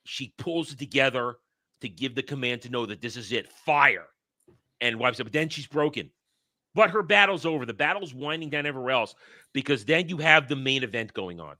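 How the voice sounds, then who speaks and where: Bright, excited man recapping an anime. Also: medium pitch. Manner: excited, animated retelling that acts out characters' lines. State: choked up. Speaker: podcast host. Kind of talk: casual anime recap chat.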